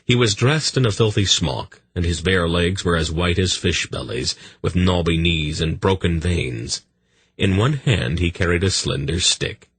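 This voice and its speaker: A man narrating a fantasy audiobook in a measured, steady storytelling manner. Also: sits low, slightly rough.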